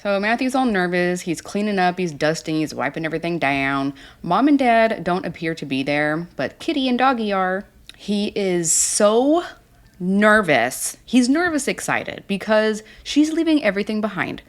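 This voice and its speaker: Snarky woman with a lively voice. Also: mid-range voice, moderate pace. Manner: snarky, blunt, exasperated. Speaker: reality TV recap commentator. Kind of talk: casual recap commentary.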